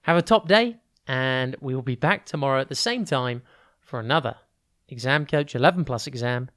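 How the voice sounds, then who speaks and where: A tutor walks through a vocabulary lesson for a podcast. The delivery is clear and unhurried, spelling words out letter by letter and stretching the stressed syllables of key words. The voice sits at an ordinary middle pitch. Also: a bit bright.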